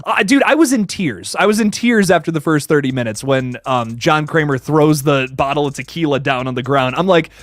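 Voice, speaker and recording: A young man hosting a casual live stream, chatting excitedly with viewers and greeting them by name. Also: on the high side, brisk, hardly any pauses, dry recording. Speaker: livestream host reviewing films.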